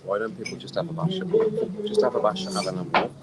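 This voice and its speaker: A man's voice: on the low side, very animated, fast talker, heavy background noise. A man ranting in a rambling, exasperated way during a casual live stream from an outdoor poolside bar, audibly tipsy from drinking. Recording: clear music behind the voice. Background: music playing.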